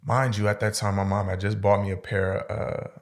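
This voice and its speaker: Podcast guest, man, gravelly and lowish; slangy, swearing, lively storyteller. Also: fairly quick. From Stockton, California. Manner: profane, slangy, animated storyteller. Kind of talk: casual storytelling interview.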